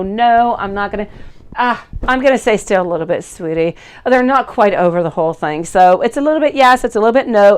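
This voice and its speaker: A woman's voice: fairly high pitch, smooth. A woman in her thirties giving a live-stream tarot reading in a chatty, affectionate way, calling viewers sweetie and beautiful. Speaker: tarot reader.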